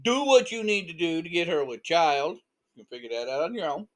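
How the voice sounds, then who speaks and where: A man's voice: on the high side, big pitch swings, brisk. A man voicing a scheming, arrogant middle-aged lord in a told story, who talks in a smug, bossy drawl.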